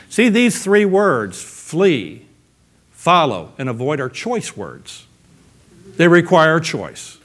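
This is a man delivering a sermon with a bouncy, joking touch. His voice sits slightly high for a man and swings widely up and down. He leans hard on key words and slips into quick acted-out asides. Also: fairly bright tone. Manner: playful, emphatic, jokes and acts out quotes. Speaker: preacher.

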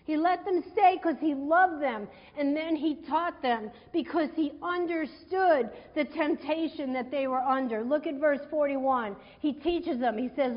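High-voiced woman preaching in a reverberant hall. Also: unhurried, few pauses. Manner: conversational, animated retelling with acted quotes. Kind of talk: sermon. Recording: dull sound in a hall with long reverb.

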